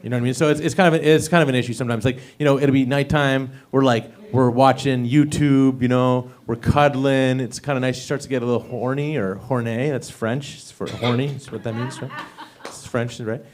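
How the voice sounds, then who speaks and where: A man's voice: mid-range voice, fairly even intonation, a little fast, a little mellow. A young man performing a stand-up set at an open mic, with an awkward, self-deprecating delivery full of fillers. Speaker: stand-up comedian. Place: comedy club stage.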